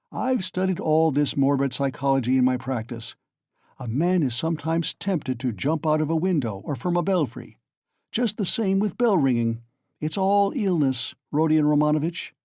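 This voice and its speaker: A man's voice: on the high side, mellow, dry recording, studio quality. A man reading aloud and voicing a sly, genial male magistrate who coaxes and teases with mock friendliness. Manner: coaxing, insinuating, mock-friendly.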